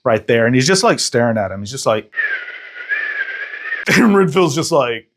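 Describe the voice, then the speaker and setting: A man hosting a casual, joking movie recap, full of slang and quick acted-out voices. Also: medium pitch, big pitch swings, a little hiss or hum. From Texas. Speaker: podcast host and film reviewer.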